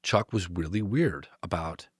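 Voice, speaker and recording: A man's voice: low voice, measured pace, slightly rough, no echo, studio quality. A man telling a long story in casual talk, rambling with fillers and restarts and acting out the voices he quotes. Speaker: guest.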